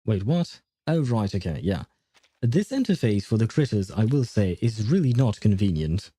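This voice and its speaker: A man streaming a game, chatting casually, laughing often and filling pauses with hesitant "uh"s. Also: fairly low pitch, very animated, mellow, breathy edge, no room sound. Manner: reads and answers chat aloud. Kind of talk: casual live-stream chat while playing.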